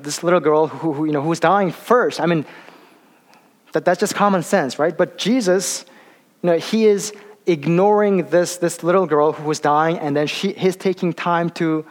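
A man preaching a sermon, speaking haltingly with many fillers and restarts and slowing down for emphasis. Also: a little high. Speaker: pastor. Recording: long hall reverb.

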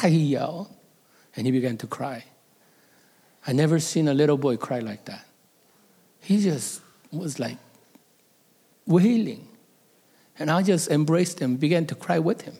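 Middle-aged male pastor with a raised, gravelly voice; tells sermon stories with feeling, slipping into whispers. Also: a little high, measured pace, long pauses, darkish tone. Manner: emotional storytelling, dropping to a whisper for tender words. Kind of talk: sermon storytelling.

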